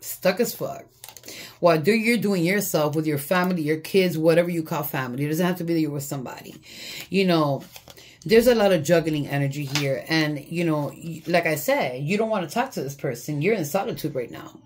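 A tarot reader speaks in a low, darkish voice, a little fast, over faint background noise. Her casual reading is blunt and sweary, often broken up by laughter.

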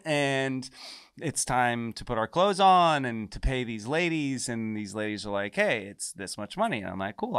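A man's voice: mid-range voice, clear, resonant tone, dry recording. A man telling a wild story in casual chat, recorded close and dry with no room sound. His voice sits in a middle register. He swears freely and jumps into the voices of the people in his story. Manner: animated, swears a lot, acts out quoted lines. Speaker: podcast guest, musician.

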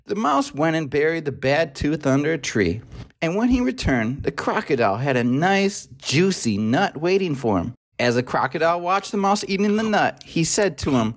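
A man narrating a children's picture book aloud, lively and expressive, putting on voices for the animals. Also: a little high, normal speed. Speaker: storybook narrator.

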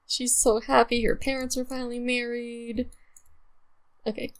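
A woman's voice: on the high side, level tone, unhurried. A young woman chatting casually over her gameplay, bubbly and gushing, with lots of fillers. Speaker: let's play gamer.

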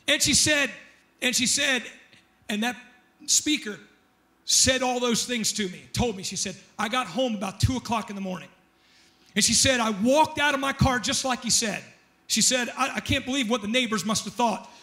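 High, bright-voiced male preacher. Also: normal speed. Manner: animated, joking storyteller who shouts at peaks. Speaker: pastor. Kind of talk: sermon with storytelling and prayer. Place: church.

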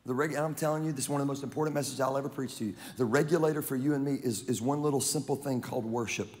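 A man from Louisiana preaching a sermon as pastor, animated and joking, with crowd banter. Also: medium pitch, rapid-fire. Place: large church auditorium. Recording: long reverb of a large hall.

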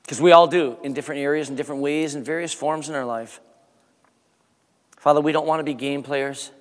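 A male pastor preaching to his congregation in a church sanctuary, his fairly high voice ringing with a long reverb. He builds emphasis through scripture, then drops into a quieter prayer. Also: fairly even intonation, brisk. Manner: preaching with rising emphasis, dropping to a soft prayer. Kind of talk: sermon and prayer.

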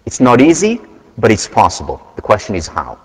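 A man giving a university lecture, earnest and measured, telling stories to make his point. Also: lowish voice, wildly swooping pitch, breathy edge. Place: large lecture hall. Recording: lecture hall with long reverb.

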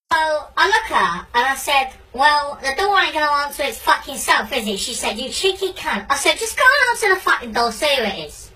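A woman voicing a brash, foul-mouthed male meerkat geezer, telling a comic monologue full of swearing and shouted rants. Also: high voice, a little hiss or hum, full character voice, rough recording. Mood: grumbling.

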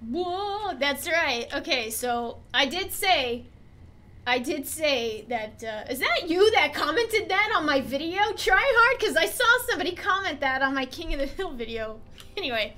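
A woman's voice: high-pitched, lively intonation, measured pace, bright, forceful tone. A young woman from Texas chatting casually and crudely while streaming a game.

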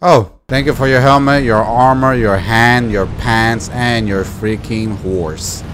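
A young man giving exasperated, shouting commentary while playing a game. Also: mid-range voice, fairly even intonation, a little slow, a little hiss or hum. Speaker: gaming streamer. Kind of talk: live gameplay commentary.

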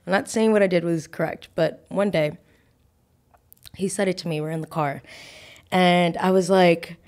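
A young woman hosting a podcast, telling a personal story in a chatty, animated way with lots of fillers and restarts. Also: lowish voice, normal speed. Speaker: podcast host. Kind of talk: casual storytelling.

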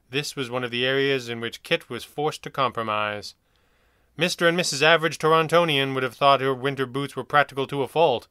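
A man narrating his own pulp adventure story in a measured, dramatic reading. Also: mid-range voice, sharp tone, smooth, dry recording, studio quality. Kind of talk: scripted narration.

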